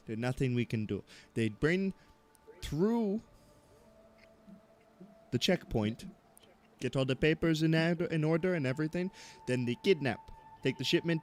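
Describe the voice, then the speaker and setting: A prickly, defensive male official who guards his pride and his office, voiced by a man running a tabletop game, at a middle pitch. He snaps back and swears whenever anyone questions his work. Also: darkish tone, a little hiss or hum, natural voice. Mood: explaining. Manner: indignant, swearing when challenged.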